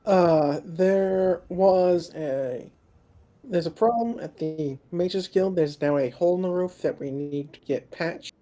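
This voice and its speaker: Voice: medium pitch, takes it slowly, warm tone. Casual player in a tabletop game. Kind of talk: tabletop role-play.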